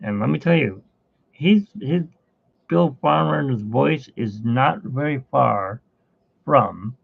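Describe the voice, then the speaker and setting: A man talks slowly and casually while he works on a drawing, rambling from one aside to the next. His voice is gravelly and husky. The sound is tinny and phone-like and dry. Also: mid-range voice, expressive, no room sound. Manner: rambling, chatty, with fillers and asides. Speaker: artist hosting a live art stream.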